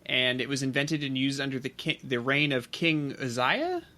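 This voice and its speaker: A man co-hosting a relaxed podcast, with a bright, forward voice at an ordinary pitch. He rambles through his facts, full of fillers and restarts. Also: moderate pace. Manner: rambling explainer with many fillers. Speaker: podcast co-host. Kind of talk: casual podcast chat.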